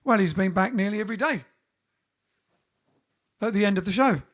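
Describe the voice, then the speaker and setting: Stuck at home during lockdown, this bandleader runs a relaxed livestream and chats his way through viewers' greetings one by one. His voice sits high, and he keeps a moderate pace.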